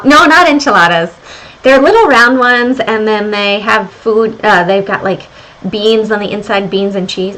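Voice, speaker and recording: A woman's voice: fairly high pitch, poor audio. A middle-aged woman with a slight Southern American accent, hosting a casual stock and crypto livestream from home and chatting with viewers as she goes. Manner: chatty, reads viewer comments aloud, thinks out loud. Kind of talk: casual market livestream chat. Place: home room during renovation work.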